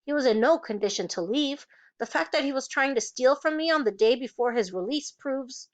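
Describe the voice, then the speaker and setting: A woman's voice: high-pitched, expressive, a little fast. A woman reading a story, voicing a cold, lying female camp warden who answers defensively. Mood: dismissive. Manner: defensive, dismissive.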